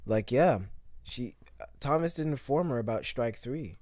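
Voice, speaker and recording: A man's voice: mid-range voice, a little slow, dry recording, clean studio sound. A man hosting a podcast, chatting casually, emphatic and swearing often. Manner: swears a lot, lively and emphatic. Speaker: podcast host. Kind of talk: casual chat.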